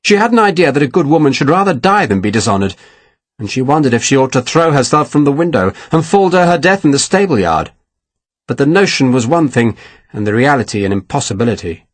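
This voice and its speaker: A man narrating an audiobook with a dramatic, expressive reading. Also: medium pitch, brisk, no echo. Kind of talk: scripted narration.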